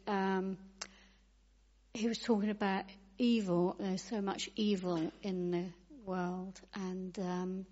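A woman's voice: medium pitch, a little mellow. A woman who works as a foot health practitioner telling a church gathering about a conversation with a patient, hesitant and full of ums. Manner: hesitant, many ums, laughs at the end. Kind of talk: casual storytelling to a congregation. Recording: dull sound, long hall reverb.

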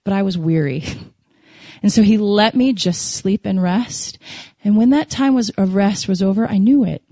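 A woman sharing an emotional faith testimony to a congregation, telling it as a lively story and acting out her prayers. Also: medium pitch, normal speed, no room sound. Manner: animated, emotional storytelling with laughs and acted prayers. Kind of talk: sermon testimony.

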